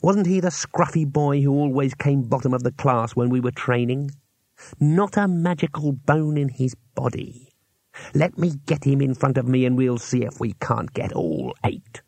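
An impatient, scheming male wizard, as a man reads him in an audiobook, with a curt, irritable manner and a husky voice. The sound is close and dry. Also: medium pitch, lively intonation, normal speed, a little mellow, dry recording. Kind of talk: audiobook character voice.

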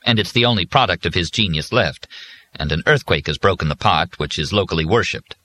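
Guy voicing a tired sarcastic man, deep voice, dry and wry. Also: animated, brisk, bright, forceful tone, slight background noise. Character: weary, sardonic man down on his luck.

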